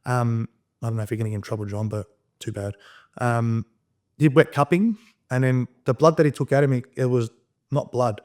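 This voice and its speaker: A man in his thirties talks quickly as a podcast guest. He tells his story in a casual, profane way and acts out every bit of dialogue with energy. His voice sits in the middle range. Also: mid-range voice. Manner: rapid, animated, profane storytelling, acting out quoted dialogue.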